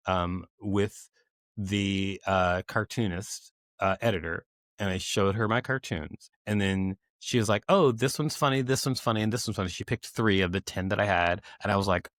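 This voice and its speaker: A man, a comedian and cartoonist, telling stories in an interview with lively delivery, often laughing and acting out the voices of people he quotes. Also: low voice, no room sound, studio quality. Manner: animated storyteller who acts out quoted voices and laughs often. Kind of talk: conversational storytelling interview.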